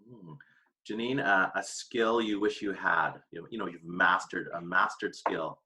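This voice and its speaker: A man hosting a casual quick-question chat with colleagues, playful and teasing. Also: low voice, noisy background. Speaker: host.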